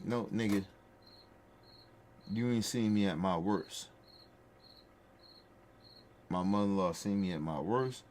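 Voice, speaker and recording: A man with a lowish voice tells stories in a loose podcast chat, hammering each point home through repetition. His delivery is blunt, profane and heartfelt, and a faint hiss sits under the speech. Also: a little slow, long pauses, a little mellow. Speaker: podcast host. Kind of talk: casual storytelling chat.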